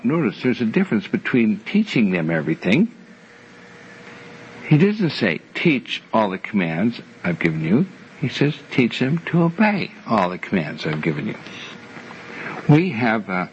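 Older man teaching a Bible class. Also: fairly low pitch. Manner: measured, repeats key phrases for emphasis. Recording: muffled lo-fi recording with faint hiss.

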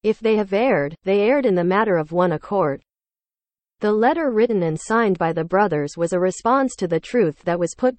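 A woman reading a written church rebuttal aloud in a measured, formal way. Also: mid-range voice, no echo. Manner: measured, formal, even delivery.

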